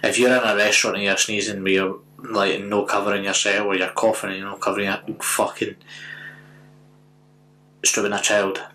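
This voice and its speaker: A man's voice: fairly low pitch, level tone, normal speed, pushed and bright, poor audio. A Scottish man in his twenties co-hosting a podcast, blunt and sweary in casual chat. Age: 20s. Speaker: podcast co-host.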